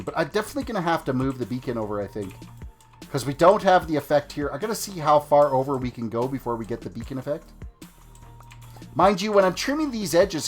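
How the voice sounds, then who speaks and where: Chatty man streaming a game. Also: on the high side. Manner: chatty, playful, reads chat aloud and jokes. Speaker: live-stream gamer host. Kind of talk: casual live-stream commentary.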